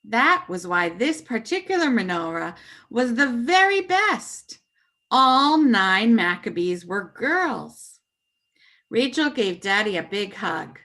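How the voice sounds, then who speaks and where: A woman reading a children's story aloud with puppets, expressive and animated. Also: fairly high pitch, takes it slowly.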